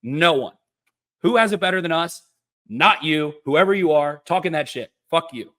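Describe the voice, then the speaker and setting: A man in a full-blown sports-podcast rant, swearing freely and sneering at critics in a mocking whine. His voice sits high and swings wildly up and down. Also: lively intonation, normal speed, fairly bright tone. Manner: profane, sarcastic, mocks critics in a whiny voice. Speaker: podcast co-host.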